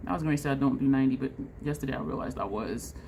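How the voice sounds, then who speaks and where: A woman vlogging a makeup tutorial in a chatty, excitable way, talking straight to her viewers. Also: a bass voice, rapid-fire, vocal fry, a little hiss or hum. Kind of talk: casual makeup tutorial chat.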